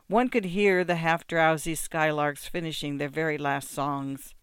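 A man narrating a classic story in an expressive, measured reading. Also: on the high side, clear, resonant tone, dry recording.

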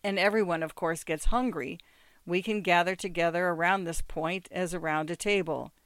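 An audiobook reader narrating short stories in an even, measured reading. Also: mid-range voice, clear, resonant tone, dry recording.

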